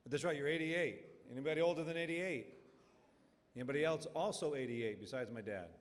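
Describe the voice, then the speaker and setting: A man's voice: on the high side, brisk. A middle-aged man emceeing a family reunion, chatty and joking as he asks the crowd questions. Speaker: reunion emcee handing out awards. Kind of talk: casual emcee talk to a crowd. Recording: long hall reverb.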